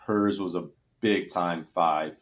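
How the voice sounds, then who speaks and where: Emotional middle-aged Texan man, low voice. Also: fairly even intonation, slow, lo-fi sound. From Texas. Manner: earnest, emotional retelling with restarts. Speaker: trauma surgeon. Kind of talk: podcast interview storytelling.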